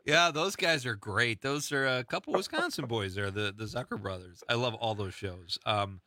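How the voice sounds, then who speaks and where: Male radio host, casual chat, animated pitch, sharp bright tone, dry studio sound. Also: moderate pace, no echo. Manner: lively, laughs often, reads verse aloud.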